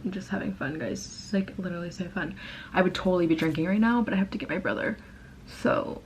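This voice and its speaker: Deep-voiced and fairly quick, this young American beauty vlogger uses lively intonation as she rambles through a casual makeup tutorial filmed at home. She laughs at herself a lot and leans heavily on "like." A little hiss or hum is audible.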